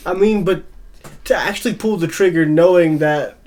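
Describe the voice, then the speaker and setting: A man's voice: fairly high pitch, moderate pace, darkish tone. A man co-hosting a podcast in casual chat, laying out his predictions and hedging with "I think". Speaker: podcast co-host.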